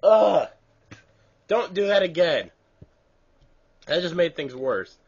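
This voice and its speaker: A man recording gameplay commentary, rambling in quiet asides and then shouting excited, swearing hype lines. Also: high voice, slow, slightly rough, lo-fi sound. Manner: loud, excitable, swears often; mumbled asides between bursts.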